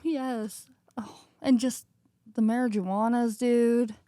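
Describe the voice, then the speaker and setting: A woman co-hosting a casual comedy podcast, tossing in quick wisecracks. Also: a little high, steady tone, dark tone, dry recording, clean studio sound. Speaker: podcast co-host.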